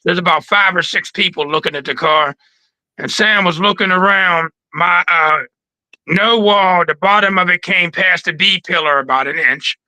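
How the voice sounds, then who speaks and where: A man in a casual interview, telling stories in an animated, slangy way from his trophy room. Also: sits high, moderate pace, dry recording, poor audio. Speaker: guest.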